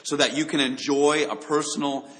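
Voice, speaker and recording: A man's voice: fairly high pitch, level tone, moderate pace, fairly bright tone, long reverb tail, low-quality recording. A man preaching a sermon, speaking earnestly and addressing listeners directly with rhetorical questions. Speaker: pastor.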